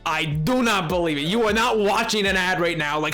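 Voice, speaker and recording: A live streamer playing a game, joking with chat in a loose, excitable way, jumping from loud outbursts to low mutters. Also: normal speed, few pauses, soft background music. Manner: excitable, bantering with chat, jumping between yelling and mumbling. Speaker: livestreamer playing a video game. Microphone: desk mic.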